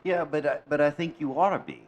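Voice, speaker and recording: A man co-hosting a podcast in casual chat, thinking aloud and making measured points with frequent restarts. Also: fairly high pitch. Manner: reflective, makes measured points with repeated restarts. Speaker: podcast co-host.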